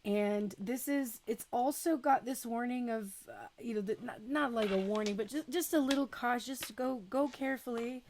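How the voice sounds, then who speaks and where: A woman giving a relaxed, chatty tarot reading, unhurried and full of small asides. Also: on the high side, slight background noise. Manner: chatty and unhurried, with fillers and self-talk. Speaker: tarot reader. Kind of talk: casual spoken tarot reading.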